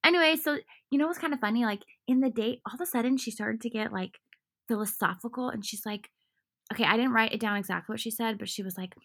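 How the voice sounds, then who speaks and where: A woman's voice: a little high, quick pace, a bit bright. A woman chatting casually and animatedly, full of fillers, recapping episodes with a co-host. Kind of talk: casual chat recapping a dating show.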